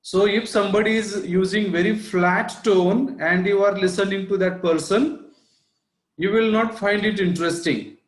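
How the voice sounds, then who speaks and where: A man's voice: high-pitched, fairly even intonation, moderate pace, roomy sound. A man giving an online lecture on public speaking, explaining his points and often checking in with "right?". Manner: explanatory, repeats points, asks rhetorical "right?". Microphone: online class audio.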